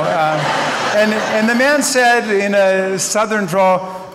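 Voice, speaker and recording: Man, 50s, eulogist with earnest, wryly humorous storytelling, high voice, podium mic in a big reverberant hall. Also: measured pace, background noise. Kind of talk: memorial tribute speech. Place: large synagogue hall. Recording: echoey hall with long reverb.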